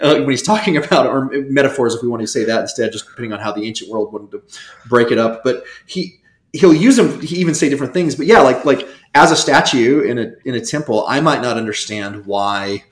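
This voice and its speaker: A man's voice: medium pitch, a little fast. Rambling man in an echoey room. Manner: animated, rambling, lots of restarts. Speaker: guest scholar. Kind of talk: casual interview talk.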